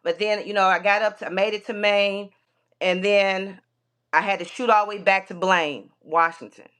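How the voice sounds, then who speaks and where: A woman guest on a podcast tells a long story from the road. She rambles and restarts her sentences often. Her voice sits in a middle pitch. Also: fairly even intonation, normal speed, a bit bright, smooth. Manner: rambling, with many restarts and "you know"s.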